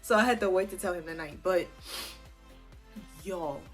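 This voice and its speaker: A woman in her twenties vlogs to her viewers, telling a personal story in a casual, animated way and swearing freely. Her voice is fairly low and her pace moderate, with soft music in the background.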